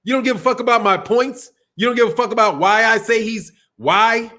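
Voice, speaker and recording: A man's voice: very high voice, a little fast, bright, forceful tone. A man hosting a boxing livestream, talking loosely and profanely, laughing often and reading out super chats. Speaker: boxing channel host. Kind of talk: casual livestream talk.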